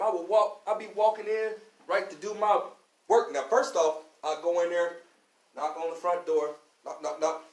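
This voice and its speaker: On a radio show, a Louisville, Kentucky man acting as class teacher preaches a fiery street-talk lecture full of slang, over and over saying "you know what I'm saying." His voice is high, his intonation fairly even, and his pace normal. The low-quality recording is reverberant.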